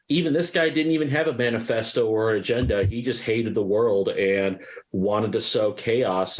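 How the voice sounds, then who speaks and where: Lowish-voiced man rambling casually. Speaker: podcast co-host. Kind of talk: casual podcast chat.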